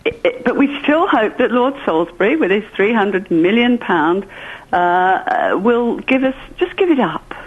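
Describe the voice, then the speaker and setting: A woman's voice: medium pitch, lively intonation, normal speed. A woman phones in to talk about her local campaign. She is earnest and determined and often stops to find her words. Her voice comes over a thin, phone-like line. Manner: earnest and determined, with many hesitations. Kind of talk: phone interview.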